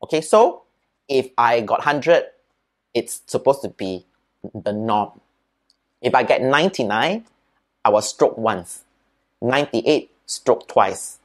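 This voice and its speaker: Animated Singaporean man telling stories. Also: medium pitch, slow, pauses often. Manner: animated storyteller, peppers speech with "right?" and "lah". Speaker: interview guest. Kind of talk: casual storytelling in an interview.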